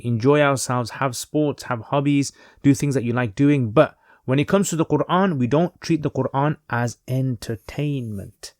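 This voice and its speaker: Guy giving a chill religious talk, medium voice, thinks out loud, dry close sound. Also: mid-range voice, no echo. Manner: unhurried, reflective explaining with fillers. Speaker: Islamic teacher. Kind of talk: informal religious lesson.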